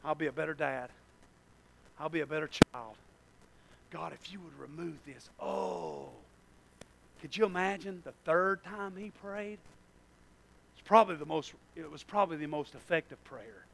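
A pastor preaching a sermon, swinging from soft, mumbled asides to loud, stretched-out cries. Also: male voice, a little high, animated, normal speed, vocal fry, pauses often.

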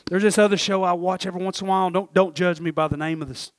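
A middle-aged man preaching a sermon, rambling and breaking off mid-thought, his voice swinging from hushed asides to shouts. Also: sits high, fairly even intonation, very fast, no echo, studio quality.

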